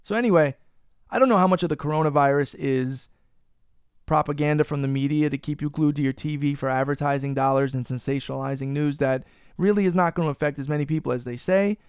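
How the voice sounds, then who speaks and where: Podcast host, New man, higher voice, smooth and clear, foul-mouthed ranter. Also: fast talker, no room sound, clean studio sound. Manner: profane, ranting, teasing his co-host. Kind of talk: casual podcast banter.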